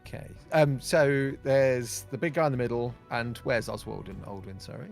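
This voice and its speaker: A man's voice: medium pitch, steady tone, moderate pace, creaky, soft background music. A man playing a tabletop game, casual and joking. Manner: casual, laughing, playful. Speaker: player.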